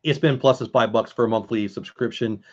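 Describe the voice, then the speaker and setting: A man's voice: on the low side, fairly even intonation, quick pace, muffled recording. A man hosting a casual live stream, chatting with viewers and answering chat as he goes.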